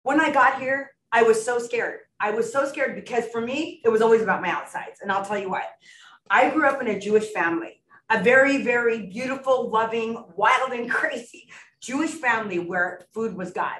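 At a recovery support meeting, a middle-aged woman gives an earnest, emotional personal testimony and laughs often. Her voice is fairly high and fairly bright, at a normal speed. She's recorded from far off in an echoey meeting room, with slight background noise.

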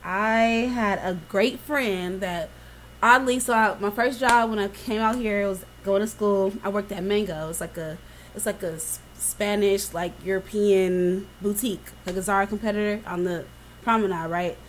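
A woman co-hosting a casual chat, telling stories in an animated, profane way. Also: mid-range voice, moderate pace, slight background noise. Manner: animated storytelling, swearing freely.

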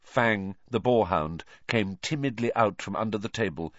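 Low-voiced male audiobook narrator. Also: no room sound. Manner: measured storytelling, voicing each character. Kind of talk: scripted narration. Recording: dull, dry lo-fi recording.

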